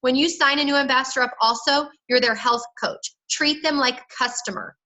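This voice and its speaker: Woman, sales trainer, team call, high voice, bright tone, emphatic chatty delivery. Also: fairly even intonation, fairly quick, low-quality recording. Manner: chatty, emphatic, acts out dialogue. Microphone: phone or call audio.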